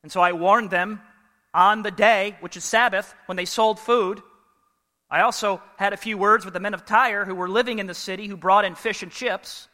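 A man preaching a sermon in an animated, humorous way, putting questions to the congregation. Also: high voice, moderate pace, in a large hall. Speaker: pastor.

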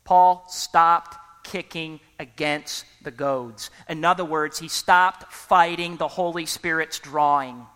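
A preacher giving an emphatic sermon who often pauses for the congregation to fill in a word and keeps urging people to listen. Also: medium pitch, fairly even intonation, a bit bright, clean tone, long reverb tail. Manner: repeatedly urges listeners to listen.

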